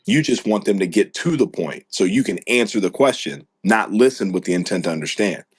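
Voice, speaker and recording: A man's voice: fairly low pitch, lively intonation, a little fast, breathy edge. A man from the United States hosting a podcast, chatting casually, rambling and laughing often as he talks. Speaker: podcast host.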